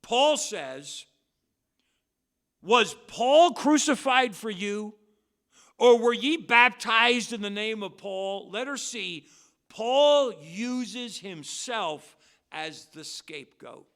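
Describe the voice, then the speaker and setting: Pastor guy preaching, kinda high voice, gets loud on big words then goes quiet. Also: animated, slow pace. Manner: emphatic, swings between loud stressed words and quiet asides. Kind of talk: expository sermon. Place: church sanctuary.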